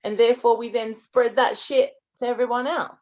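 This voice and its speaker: A woman's voice: fairly high pitch, fairly even intonation, moderate pace, a little mellow. Woman, guest, blunt, emphatic, swearing, video call, slightly muffled sound. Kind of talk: casual spiritual chat.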